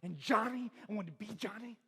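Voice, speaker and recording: High-voiced joking pastor in a reverberant hall. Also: male voice, brisk, a bit bright. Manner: joking, quizzes the crowd, laughs often. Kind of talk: humorous sermon intro. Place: large church auditorium. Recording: long reverb of a church hall.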